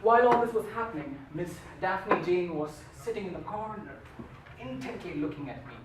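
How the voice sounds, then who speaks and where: A man's voice: sits high, lively intonation, moderate pace, reverberant, distant mic, heavy background noise. A man giving a humorous storytelling speech at a contest, with a playful, theatrical delivery. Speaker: contest speaker.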